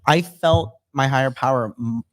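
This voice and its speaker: Male podcast host, reflective and hesitant, lots of fillers, mid-pitched. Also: normal speed. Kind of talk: casual podcast chat.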